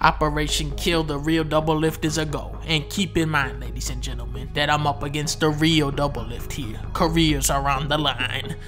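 A man giving comedic gameplay commentary, profane and mocking, dropping to low mutters and then bursting into shouts. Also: steady tone, normal speed, hardly any pauses, music in the background.

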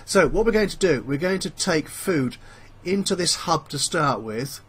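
A man's voice: a little high, lively intonation, moderate pace, fairly bright tone, husky. A man hosting a let's play, thinking aloud with plenty of fillers in a chatty, self-mocking way. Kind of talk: casual game commentary. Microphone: headphones with a desk mic.

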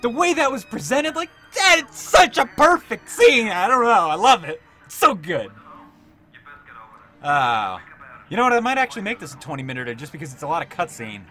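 A young man doing let's-play commentary, excitable and swearing, shouting at the game. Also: high-pitched, moderate pace. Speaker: gaming YouTuber. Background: game sound and music.

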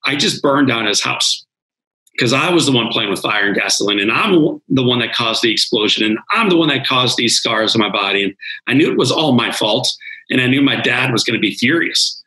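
A man's voice: medium pitch, expressive, a little fast, pushed and bright, poor audio. A man, a guest speaker on a podcast interview, telling his life story in an earnest, dramatic way.

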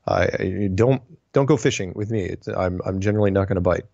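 A man's voice: low voice, fairly quick, creaky, dark tone, no room sound, highs cut off. Wry man reading listener mail. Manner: wry, digressive, self-correcting, with puns. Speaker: host reading listener emails. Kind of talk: casual solo commentary.

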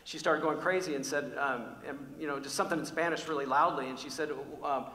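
A man preaching a sermon, telling personal stories in an animated, conversational way with frequent restarts. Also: a little high, a little fast. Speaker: pastor. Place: large church hall. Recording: echoey church hall with long reverb.

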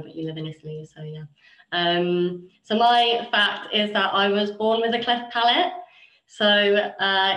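A woman from the UK with a nasal voice, hosting a relaxed, chatty video call. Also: medium pitch, lo-fi sound. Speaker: host. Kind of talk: casual video call chat. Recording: echoey room.

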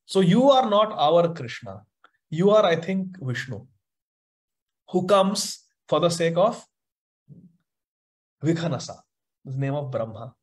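A man giving a devotional scripture class, chanting verses and explaining them with lively emphasis. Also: a little high, slow pace, pauses often. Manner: animated, chants verses and mixes in Hindi phrases. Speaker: spiritual teacher.

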